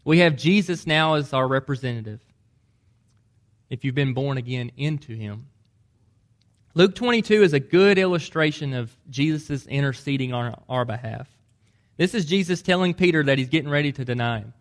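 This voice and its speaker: A man's voice: medium pitch, lively intonation, normal speed. A man preaching a sermon, earnest and emphatic, pressing hard on key points. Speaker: pastor.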